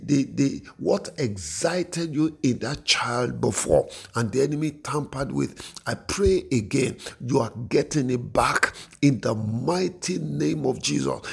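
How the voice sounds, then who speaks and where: Fervent preacher, gravelly husky voice. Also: male voice, medium pitch. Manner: fervent, repeats phrases and restarts. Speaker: pastor. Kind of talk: sermon with prayer.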